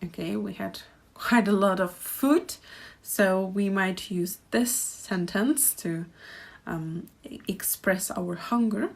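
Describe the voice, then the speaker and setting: A woman's voice: medium pitch, slow, vocal fry. A woman teaching a pronunciation lesson, speaking carefully and repeating each phrase so learners can practice. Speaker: Czech language teacher.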